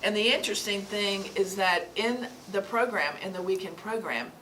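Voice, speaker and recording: A woman's voice: medium pitch, moderate pace, a bit bright, distant mic, poor audio. A woman speaker gives a sermon-style talk to a small gathering, earnest and prone to repeating herself. She sounds set back from the mic. A faint hum of room noise sits underneath. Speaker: spiritual speaker.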